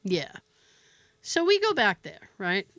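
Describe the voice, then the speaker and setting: A woman hosting a podcast, telling a story in a casual, animated way with laughs and swearing. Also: mid-range voice, slow, no room sound. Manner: animated, laughing, profane, with fillers. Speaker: podcast host.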